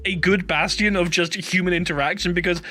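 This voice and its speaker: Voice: mid-range voice, fairly even intonation, brisk, pushed and bright, faint music behind. A co-host in a casual comedic chat, giggly and rambling.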